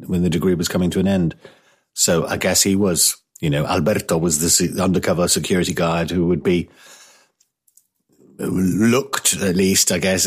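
Rambling British radio host, lowish voice. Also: male voice, husky. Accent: British English. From Britain. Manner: rambling, with many fillers and restarts. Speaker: radio talk show host. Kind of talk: casual talk radio chat.

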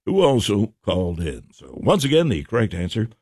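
A male radio host talks in a jokey, rambling way, his pitch bouncing up and down. He is recorded close and dry on a studio microphone. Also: big pitch swings, a little fast, a little mellow, breathy edge, no echo. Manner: jokey, rambling, talks to himself while fumbling equipment. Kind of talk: casual radio chat.

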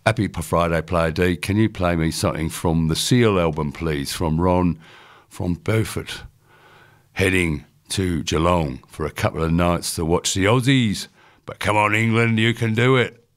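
A man's voice: low-pitched, unhurried. A man putting on a chirpy Essex bloke. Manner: playful, put-on English reading voice. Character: cheerful Essex man reading his own text.

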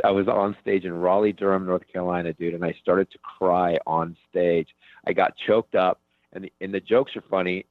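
A man's voice: deep voice, no echo. A man, a comedian, talking frankly and rambling in a casual interview, full of "dude" and "man". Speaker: comedian guest. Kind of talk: casual radio interview over the phone. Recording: tinny phone line.

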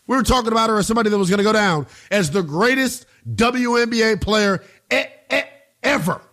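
A man's voice: high voice, brisk, a bit bright. A middle-aged man hosting sports talk radio, opinionated, emphatic and blunt, with slangy asides.

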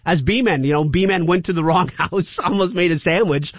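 Chatty high-voiced radio host. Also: male voice, moderate pace, no room sound, muffled recording. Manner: chatty and rambling, laughs often. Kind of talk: casual call-in radio chat.

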